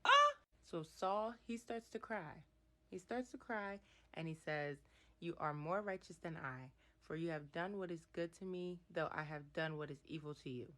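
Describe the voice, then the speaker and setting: A woman's voice: sits low, moderate pace. A woman vlogger giving casual Bible commentary, reading verses aloud and reacting expressively to the story.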